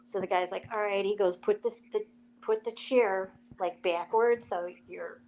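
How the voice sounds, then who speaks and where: Woman guest on a live chat, animated storyteller who does the voices in her quotes. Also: mid-range voice, unhurried, a little hiss or hum, low-quality recording. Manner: animated storyteller, acts out quotes, laughs often.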